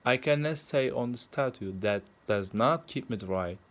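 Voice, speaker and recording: A man's voice: medium pitch, lively intonation, a little slow, lightly acted. A little bird, as a man reads it. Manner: plain storybook reading. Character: small male bird, gentle and hesitant.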